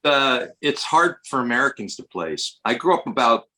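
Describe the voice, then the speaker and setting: American actor guest, casual and rambling, bright forceful voice. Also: male voice, medium pitch, very animated, normal speed, rough recording. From Westchester, New York, US. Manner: digressive, many restarts. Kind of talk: casual podcast conversation.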